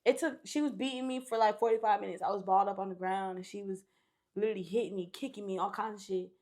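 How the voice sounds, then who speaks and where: A young woman guesting on a podcast, retelling a story in a casual, slangy way with a lot of swearing and loud, shouted bursts. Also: mid-range voice, fairly even intonation, quick pace.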